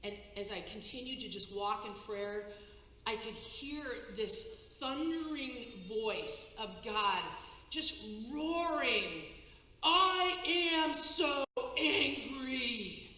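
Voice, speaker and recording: A woman giving a personal testimony on stage, telling a dramatic story with halting restarts and breathless pacing. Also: a little high, expressive, sharp tone. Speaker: conference speaker. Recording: echoey hall, faint noise.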